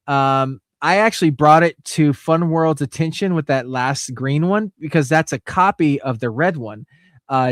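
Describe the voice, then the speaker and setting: A man's voice: a little high, no echo, studio quality. A man in casual chat, talking through his collection in a rambling way with many fillers and restarts. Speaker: guest showing his mask collection.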